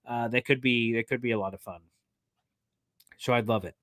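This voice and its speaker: A man hosting a casual sports livestream, answering fan questions in an excitable, jokey way with plenty of fillers. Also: mid-range voice, no echo, studio quality. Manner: excitable, jokey, fast-talking with many fillers. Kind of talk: casual live chat reading fan questions.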